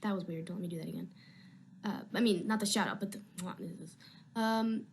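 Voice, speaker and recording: A woman's voice: fairly low pitch, brisk, a little mellow, a little hiss or hum. A young woman actress chatting casually on a live video stream from home, answering fan questions in a rambling, easily sidetracked way.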